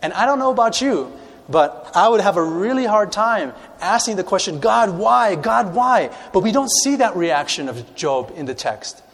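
A man preaching a sermon, reading scripture aloud and putting questions to his congregation in an animated way. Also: high voice, normal speed, long reverb tail. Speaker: pastor.

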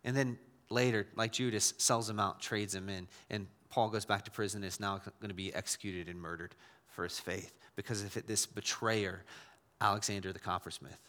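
A man's voice: on the low side, steady tone, normal speed, bright, forceful tone, long reverb tail. A man preaching a sermon as a pastor, talking conversationally with frequent restarts and repeated words.

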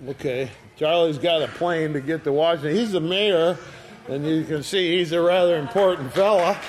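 A man's voice: on the high side, moderate pace, noisy background. An older retired man preaching a sermon in a folksy storytelling way, giving quoted lines a dramatic reading. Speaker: pastor.

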